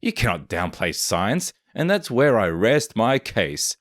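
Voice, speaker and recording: A man delivering a scripted commentary voice-over with snide, opinionated jabs. His pitch leaps and dips all over the place. The sound is close and dry, with no room around it. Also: sing-song, measured pace, dry recording. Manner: snarky, opinionated. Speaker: commentary narrator.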